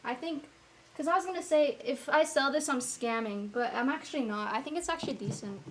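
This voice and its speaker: A woman vlogger chatting casually to herself as she paints, rambling and self-mocking as she thinks out loud. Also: sits high, fairly quick, poor audio.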